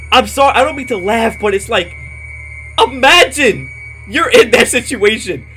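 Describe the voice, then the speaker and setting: A man hosting a reaction video, talking loose and slangy with excitable outbursts. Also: very high-pitched, moderate pace, faint music behind. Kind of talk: casual reaction commentary.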